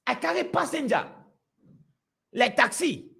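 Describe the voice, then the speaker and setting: A man preaching to a congregation, telling stories in an animated, repetitive way. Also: extremely high pitch, unhurried, vocal fry. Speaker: pastor.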